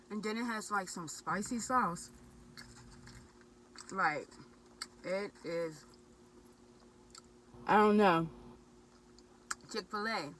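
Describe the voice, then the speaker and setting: Vlogger: expressive woman, slow easy pace, recorded on a phone in a parked car. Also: lowish voice, far from the mic, slight background noise, rough recording. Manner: excited, chatty, expressive. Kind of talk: casual food review vlog.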